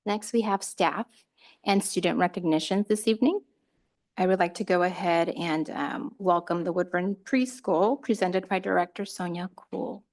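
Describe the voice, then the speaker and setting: A woman's voice: lowish voice, darkish tone. A woman chairing a school board meeting, calling it to order and running the motions in a procedural way. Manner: procedural and measured, also speaks some Spanish.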